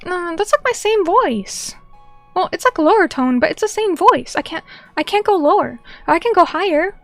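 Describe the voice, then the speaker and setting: A woman's voice: very high voice, big pitch swings, fairly quick, no echo, faint music behind. A young woman chatting casually on a stream, reading viewer comments and rambling with lots of filler words and restarts.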